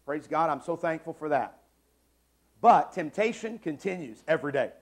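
A man in his forties gives an emphatic church sermon with a slightly high voice. He hammers his points home by repeating short phrases and moves between quiet asides and loud declarations. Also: expressive, moderate pace. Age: 40s. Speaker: pastor. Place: church sanctuary.

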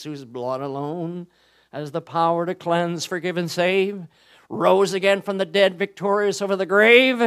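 A male Baptist pastor delivering a sermon in a fairly high voice. He is impassioned, dropping to soft, drawn-out phrases and then climbing into loud emphasis.

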